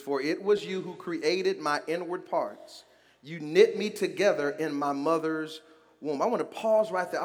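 A male pastor preaching a sermon in a church, calling out to the congregation and rising to shouts. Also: fairly high pitch, big-room sound.

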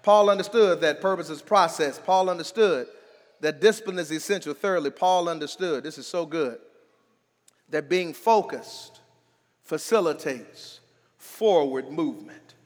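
A man preaching a sermon as pastor, calling on the congregation to answer back and swinging between quiet talk and shouting. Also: a little high, unhurried, big-room sound.

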